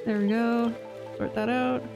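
A woman's voice: fairly high pitch, little pitch movement, unhurried, music in the background, rough recording. A young woman streamer chatting casually while she plays, rambling with lots of fillers. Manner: rambling, filler-heavy chat. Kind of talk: casual gameplay chat.

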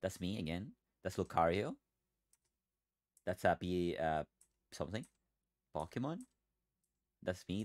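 Excitable rambling male streamer. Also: deep voice, no room sound, studio quality. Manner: excitable, rambling, stammers and swears. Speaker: livestreamer. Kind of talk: casual livestream chatter.

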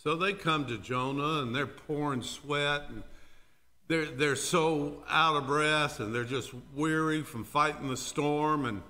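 A male pastor with a slightly high, somewhat slow, pushed and bright voice preaches during a church worship service. He tells the story dramatically and addresses the congregation directly.

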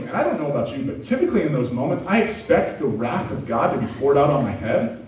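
A pastor preaching a sermon, telling personal stories with animated, self-deprecating humor. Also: male voice, a little high, quick pace. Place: church sanctuary. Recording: very echoey room, distant mic, faint noise.

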